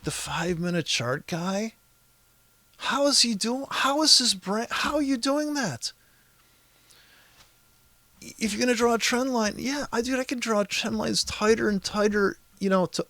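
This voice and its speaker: A man's voice: on the high side, fairly bright tone, no room sound. A man walking through a trading chart in a profane, exasperated, rambling rant. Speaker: trading educator. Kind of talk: profane ranting chart walkthrough.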